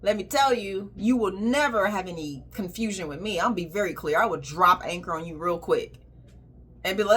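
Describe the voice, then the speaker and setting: A woman's voice: medium pitch, expressive, normal speed, fairly bright tone, breathy edge. A woman hosting a casual monologue, speaking directly and emphatically, acting out exchanges with clients. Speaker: colon hydrotherapist hosting a talk.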